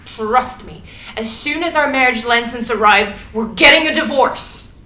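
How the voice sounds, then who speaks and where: A woman's voice: medium pitch, moderate pace, recorded from a distance, close to an everyday voice. A woman playing an irritable, sarcastic young woman facing deportation, in a screenplay reading. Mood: furious. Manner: irritable, sarcastic, yelling at times. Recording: echoey room, light noise.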